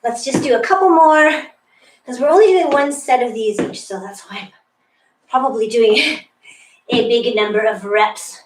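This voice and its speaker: A woman's voice: a little high, measured pace, far from the mic, slight background noise. Upbeat, encouraging woman in an echoey room. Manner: upbeat, encouraging, laughs often. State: a little out of breath. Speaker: fitness instructor. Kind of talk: guided workout instruction. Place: room with a wall and ceiling tiles, indoors.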